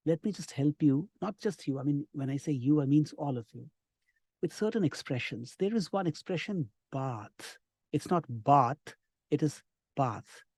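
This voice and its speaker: A middle-aged man, teaching an online spoken class with lively, encouraging emphasis. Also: on the high side, dry recording, clean studio sound. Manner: lively, encouraging, lots of emphasis and drawn-out words. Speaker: English communication trainer.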